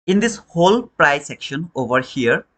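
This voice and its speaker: A man's voice: on the high side, very animated, moderate pace, a bit bright. A man teaching a trading lesson on a live stream, questioning viewers and repeating his points in non-native English phrasing.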